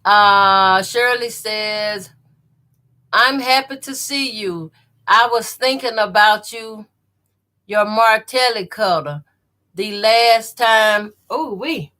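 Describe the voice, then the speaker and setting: Bright-voiced Southern woman chatting on a live stream. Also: medium pitch, slow. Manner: chatty, greets viewers by name, reads comments aloud; says y'all a lot. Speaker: quilting channel host. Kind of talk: live stream chat while sewing.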